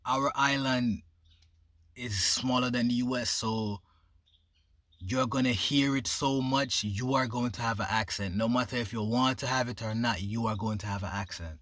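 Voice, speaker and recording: A man's voice: mid-range voice, a bit bright, no echo. A young man from Jamaica, raised partly in New York, talking casually to camera. He has a Jamaican accent and slips into patois. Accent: Jamaican, some patois. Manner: loose and conversational, drops into patois with "you see me?" tags. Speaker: vlogger.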